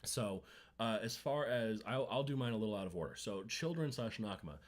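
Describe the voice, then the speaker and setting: A man's voice: lowish voice, animated, fairly quick. A man co-hosting a casual podcast chat, rambling and ranting with lots of swearing. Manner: rambling, profane, emphatic rants. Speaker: podcast co-host.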